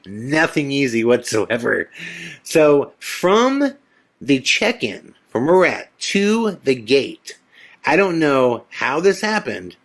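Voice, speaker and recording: A middle-aged man tells a personal story on his podcast in a voice of ordinary pitch. He acts out each exchange with lively energy and breaks into loud shouts at the tense moments. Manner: animated storyteller acting out dialogue, shouting at peaks. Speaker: podcast host. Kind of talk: storytelling monologue.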